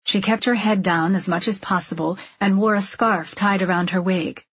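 A woman narrating a novel in a steady, measured and subdued way. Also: mid-range voice, slightly rough, no echo, dull audio. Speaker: audiobook narrator. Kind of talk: scripted narration.

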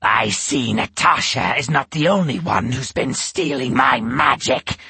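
Storybook villain: menacing ancient witch, slow and cold, husky, read by a man. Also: medium pitch, lively intonation, bright, forceful tone, no room sound, full character voice. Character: menacing ancient witch woman, cruel and amused.

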